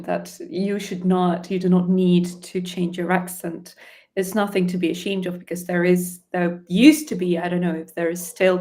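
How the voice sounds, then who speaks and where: A woman hosts a relaxed conversation with a somewhat low voice. She talks in a chatty way and chimes in often with agreement. She sums up and adds her own points as she goes. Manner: chatty, offers frequent agreement. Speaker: host. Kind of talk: conversational interview.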